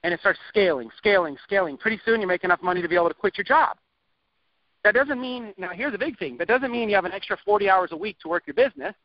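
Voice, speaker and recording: Guy coaching online marketing, kinda high voice, chatty and restless, dry muffled recording. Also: fast, no echo. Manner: energetic, rambling, laughs often, many restarts. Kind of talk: recorded training lesson.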